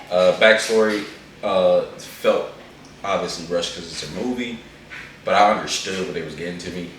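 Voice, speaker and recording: A man's voice: low-pitched, fairly bright tone, a little hiss or hum. A man talking casually as a co-host, rambling and slangy as he reviews an anime movie. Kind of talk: casual chat. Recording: echoey room, far from the mic.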